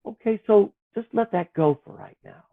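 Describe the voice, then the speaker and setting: A man speaks gently and earnestly about faith, his fairly high voice rising and falling in lively swings. He sometimes acts out the voices in his head. The sound is thin and tinny, like a phone line. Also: normal speed, gravelly. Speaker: author guest. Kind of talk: reflective spiritual conversation.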